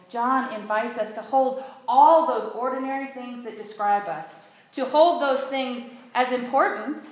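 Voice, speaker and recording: A woman preacher with a slightly high voice gives an earnest sermon and leads her congregation in call-and-response. Her words bounce around a big, very echoey church hall. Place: church sanctuary.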